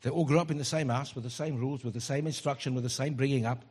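A middle-aged man preaching a sermon as pastor, animated and joking in asides. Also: mid-range voice, fast talker, husky.

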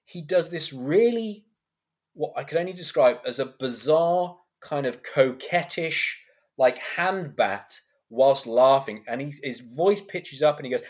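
A man in his thirties tells animated stories as a podcast guest. His voice sits at an ordinary middle pitch, and he laughs often as he talks. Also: unhurried. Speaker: actor guest. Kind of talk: podcast interview storytelling.

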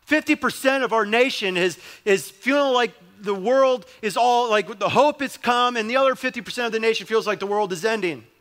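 A man's voice: very high voice, brisk, few pauses, fairly bright tone. A young adult male pastor preaching a sermon in a conversational way, with emphatic repetition.

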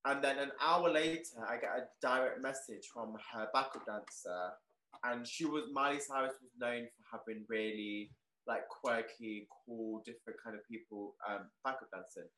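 A young man who owns a clothing shop, telling a story in an interview, excitable and full of "like". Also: mid-range voice, moderate pace. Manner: excitable, peppered with "like", animated retelling. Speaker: guest, clothing shop owner. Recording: roomy echo.

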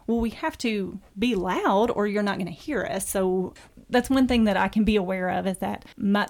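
A middle-aged woman hosting a podcast discussion, talking in a matter-of-fact way and telling stories with animation. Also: medium pitch. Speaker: host.

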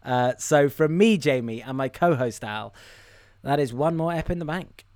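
A man's voice: a little high, lively intonation, normal speed, darkish tone, slight background noise. Sweary rambling man. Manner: sweary, self-mocking, rambling with many fillers. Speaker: podcast co-host. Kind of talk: casual film podcast chat.

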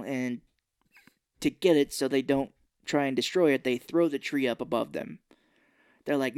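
A podcast co-host in a casual movie recap chat, retelling scenes and acting out the characters' lines in quick put-on voices. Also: medium pitch, a little mellow, smooth, no echo, studio quality.

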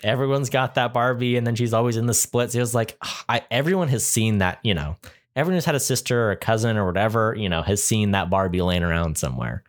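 A man with a somewhat low voice chats casually about a film as a podcast co-host. He talks enthusiastically and rambles, with plenty of fillers along the way. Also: quick pace. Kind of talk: casual chat.

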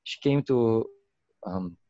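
Animated low-voiced man telling stories. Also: takes it slowly, no room sound, muffled recording. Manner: animated, acts out quotes with big pitch jumps, many fillers. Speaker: guest, game company founder. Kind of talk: casual interview storytelling.

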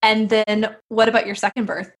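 A woman's voice: mid-range voice, flat delivery, moderate pace. A woman hosting a casual interview, a midwife herself, asking questions with frequent laughs and fillers. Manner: warm questioning, laughs often, trails into fillers. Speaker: podcast host and midwife.

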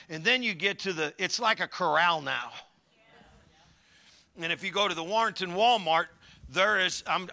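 A man's voice: sits high, vocal fry, bright, forceful tone. A middle-aged man preaching a sermon, joking through rambling asides and calling for the congregation to answer back. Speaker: pastor.

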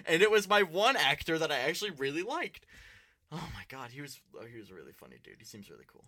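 A man co-hosting a casual podcast, telling a story in an animated way with quick reactions. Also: on the high side. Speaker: podcast co-host.

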